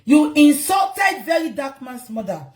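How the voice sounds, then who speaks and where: A Nigerian woman hosts a live gossip stream, indignant and pressing her viewers with repeated questions. Her voice sits fairly high and rings in a roomy, echoing space. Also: sing-song, unhurried, darkish tone, shouting. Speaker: livestream host. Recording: roomy echo.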